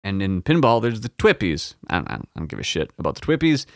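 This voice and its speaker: A man's voice: on the low side, sing-song, quick pace, no echo, studio quality. A man hosting a pinball podcast, rambling and swearing in casual solo chat. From United States. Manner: rambling, profane, self-mocking. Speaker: podcast host.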